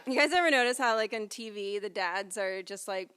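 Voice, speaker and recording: A woman with a smooth, resonant voice hosts a live literary evening. She tells playful, self-deprecating stories in a chatty stand-up rhythm, peppered with "um" and "like". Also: mid-range voice, a little fast, hardly any pauses, a bit bright. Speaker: event hostess. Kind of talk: comedic stand-up style hosting. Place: live reading event before an audience.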